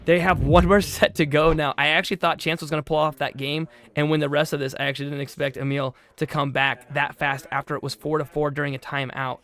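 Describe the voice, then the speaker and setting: A man hosting a live stream, commenting on play and reading out the chat with quick asides. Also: fairly high pitch. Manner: excitable, reads chat aloud, quick asides. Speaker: livestream host and commentator.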